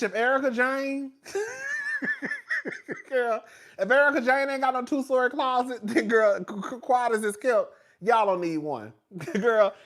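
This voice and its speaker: A young reality TV commentator dishes on the shows in a chatty, energetic style. Fillers fill his speech, laughter comes quickly and often, and he turns loud and high-pitched when excited.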